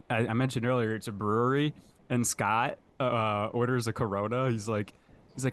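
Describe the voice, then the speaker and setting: A man's voice: mid-range voice, steady tone, fairly quick. Man, twenties, podcast co-host, hungover, casual slangy chat, swears a lot. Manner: laid-back storytelling, slangy and profane.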